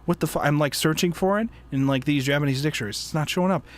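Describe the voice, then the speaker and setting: A man's voice: a little high, fast. A man with a slightly raised voice chats casually in a book club discussion. He rambles through fillers and false starts, laughing often as he talks. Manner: rambling, laughing, frequent fillers and self-interruptions. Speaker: podcast host.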